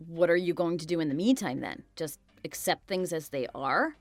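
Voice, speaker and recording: A woman's voice: sits low, animated, normal speed, faint music behind, voice pushed down. A woman's text-to-speech voice playing a blunt, pushy friend who urges her to leave. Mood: blunt, urging. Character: blunt, protective female friend.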